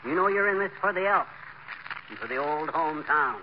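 A man's voice: on the high side, lively intonation, a little fast, natural voice. Man playing a wisecracking small-town blowhard. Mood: brash. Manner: brash, wisecracking, folksy slang. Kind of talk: 1940s radio acting. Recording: old lo-fi radio broadcast with noise.

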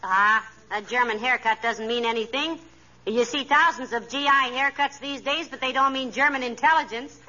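A woman's voice: on the high side, normal speed. A woman playing a wry, sensible radio wife. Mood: dry. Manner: wry, patient, gently teasing. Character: dry, sensible wife deflating her husband's schemes. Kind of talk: 1940s radio comedy acting. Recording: dull old radio broadcast, faint hiss.

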